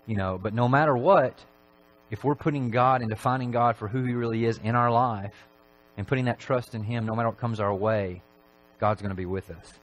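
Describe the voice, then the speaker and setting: A man preaching a Sunday evening sermon in a church, talking in a relaxed, conversational way with frequent filler phrases. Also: mid-range voice, fairly quick, poor audio.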